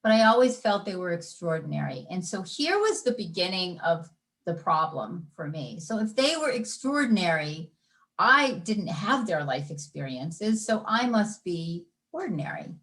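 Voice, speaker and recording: A middle-aged woman, a life coach guest on a podcast, telling personal stories in a lively conversational way and acting out her inner voices. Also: fairly low pitch, normal speed. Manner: animated storyteller, acts out inner voices. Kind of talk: conversational interview.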